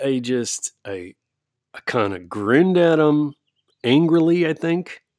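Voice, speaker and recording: Profane, animated man ranting, dry studio sound. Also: mid-range voice, no echo. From United States. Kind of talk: casual storytelling monologue. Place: home recording studio.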